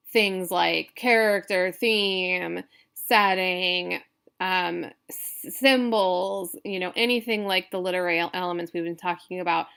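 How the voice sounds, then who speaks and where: A woman's voice: on the low side, creaky, fairly bright tone, clear, resonant tone. A woman instructor giving a recorded lecture, explaining step by step with frequent fillers and restarts.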